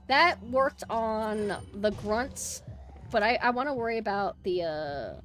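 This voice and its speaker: A woman streamer narrating her own gameplay with excitable energy, swearing freely and breaking into shouts. Her voice is bright and rather high, leaping all over the place in pitch. Light game music plays in the background. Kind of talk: gameplay commentary.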